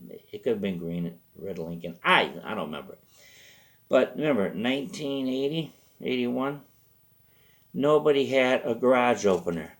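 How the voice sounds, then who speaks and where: Low gravelly guy, rambly comic storyteller, keeps going off track. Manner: rambling, self-interrupting. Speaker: host. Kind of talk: comedic storytelling.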